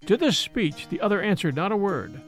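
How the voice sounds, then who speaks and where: A man narrating an old adventure tale in an expressive storytelling manner. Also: sits high, brisk, soft background music.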